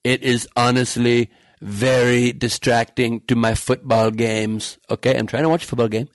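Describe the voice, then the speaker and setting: A man's voice: mid-range voice, steady tone, moderate pace, no room sound, lightly acted. A man doing a mocking impression of a blustering male politician who rambles and repeats himself in a self-satisfied way.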